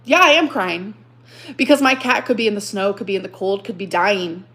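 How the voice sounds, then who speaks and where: A woman's voice: medium pitch, brisk, a bit bright. A woman on a live stream, telling a story in an agitated, emotional rant, repeating herself and swearing.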